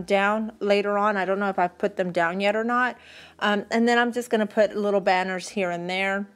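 A middle-aged woman with a Texan accent, chatting casually and rambling as she decorates her planner for a vlog. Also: medium pitch. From Texas. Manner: chatty, rambling, thinks aloud. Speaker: planner vlogger.

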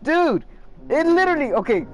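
A man streaming a game, chatting casually with his viewers, excitable and swearing a lot. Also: extremely high pitch, moderate pace. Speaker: gaming streamer. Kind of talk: casual gameplay commentary.

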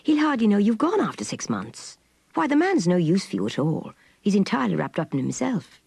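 A man's voice: high voice, huge pitch swings, brisk, vocal fry, a little mellow, slightly rough, no echo, exaggerated voice. A woman voicing a restless, self-absorbed man speaking bluntly and sulkily to his lover. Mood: scornful. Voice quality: blunt, sulky.

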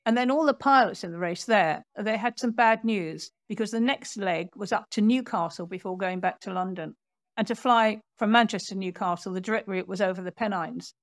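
A woman author, a guest on an interview podcast, telling a history story in a lively storyteller's way and acting out what people said. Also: mid-range voice, a little fast, no room sound, clean studio sound. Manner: animated storyteller, acts out quotes.

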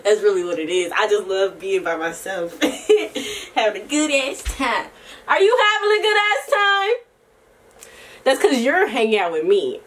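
A young woman vlogging in a casual, rambling chat to camera, slangy and profane, often laughing and sometimes breaking into soft singing. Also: mid-range voice, very animated, unhurried, recorded from a distance.

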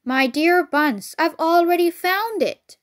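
A woman putting on a sly, scheming storybook farmer who talks down to his partners. The voice sits high but sneers with smug confidence. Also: animated, takes it slowly, full character voice. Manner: sly and condescending. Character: crafty, scrawny, scheming male farmer.

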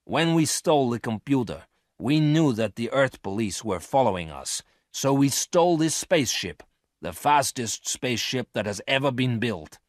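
A man voicing a scheming male space thief who speaks sharply and forcefully, in a dry, close recording. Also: medium pitch, big pitch swings, normal speed, no room sound, close to an everyday voice. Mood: commanding.

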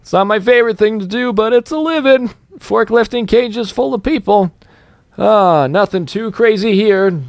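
A man's voice: sits high, normal speed, no echo, clean studio sound, pitched above the performer's own voice. A man voicing a weary male forklift worker in a game, talking in chipper, resigned patter about his job. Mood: cheerfully resigned.

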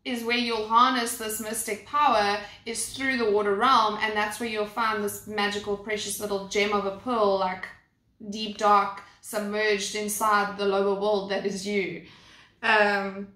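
A young woman giving a slow, unhurried oracle card reading, her voice bright and lifted a little high. She rambles, circles back and restarts often. The sound is echoey, as if recorded in a bare room. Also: flat delivery. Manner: rambling, with many fillers and restarts. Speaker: tarot and oracle card reader. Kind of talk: casual spoken card reading.

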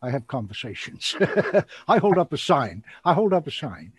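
A man hosting an online show, chatting casually in a rambling, animated way and laughing often. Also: mid-range voice, normal speed, slightly rough, dry recording. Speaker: show host and magician.

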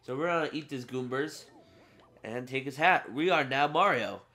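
Teen boy, gaming commentary, bright tense voice, swearing and frustrated, faint game music behind. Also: medium pitch, moderate pace. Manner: frustrated, swearing, talks to viewers. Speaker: gaming channel host. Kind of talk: casual let's play commentary.

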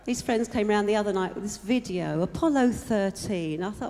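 A woman's voice: mid-range voice, animated, measured pace. A woman doing live stand-up, telling offhand stories with dry punchlines. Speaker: stand-up comedian. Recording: live hall recording with reverb and hiss.

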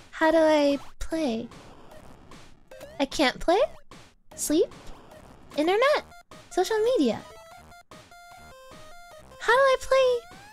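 Very high-voiced giggly woman streamer. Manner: giggly, flustered reactions. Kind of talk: casual game-stream commentary.

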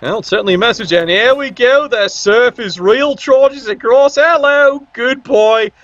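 A man's voice: extremely high pitch, a little slow, lo-fi sound, background noise. A man giving casual, sarcastic play-by-play commentary on a video game match. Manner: cheeky, sarcastic banter.

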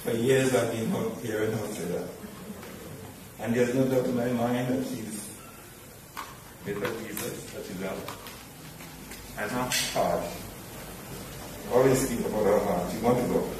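A man gives a halting, heartfelt eulogy, his voice often sinking low as emotion catches him. He is recorded from across a large church, and the words bloom in heavy reverb over a steady hiss of noise. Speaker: mourner giving a tribute. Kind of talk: spoken eulogy. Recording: echoey church from far off, noisy.

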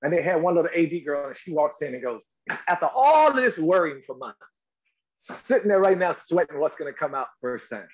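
A middle-aged male actor, a guest on a talk show, tells stories in a lively, emphatic way and acts out quotes. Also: on the high side, brisk. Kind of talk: animated interview storytelling. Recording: slightly dull lo-fi audio.

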